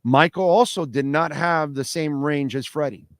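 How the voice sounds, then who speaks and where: The casual sports radio host here has a voice on the high side and speaks at a normal speed. He is animated and emphatic, repeating his words again and again. Recorded on a studio microphone in a radio studio, the sound is dry and clean.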